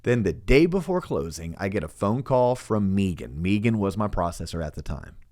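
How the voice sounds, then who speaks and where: A middle-aged man hosting a podcast, telling a work story in a casual, animated way, acting out the voices he quotes, with stammered restarts. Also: lowish voice, normal speed. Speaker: podcast host and loan officer.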